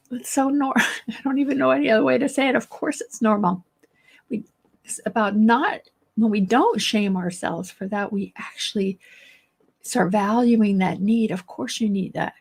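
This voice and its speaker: A woman therapist giving a casual solo talk, reassuring and thinking aloud, hoarse because she is losing her voice. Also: on the high side, a little slow. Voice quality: gravelly, husky. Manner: warm-hearted, reassuring, thinks aloud with restarts. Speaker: therapist and teacher.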